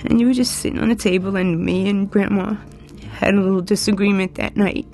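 A woman recording personal messages to her young son, speaking tenderly and haltingly with pauses and restarts. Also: mid-range voice, steady tone, a little mellow, soft background music. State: crying.

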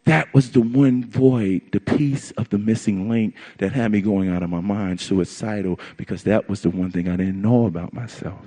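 A man telling a personal story to an audience, animated and emphatic, with lots of repetition. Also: lowish voice, moderate pace, hardly any pauses. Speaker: storyteller on stage.

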